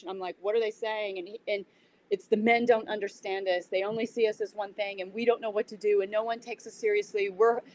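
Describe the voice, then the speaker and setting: Woman interview guest, animated storyteller, acts out quotes, mid-pitched voice. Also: poor audio. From United States. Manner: animated retelling with acted-out quotes. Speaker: interview guest, yoga teacher. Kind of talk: casual storytelling.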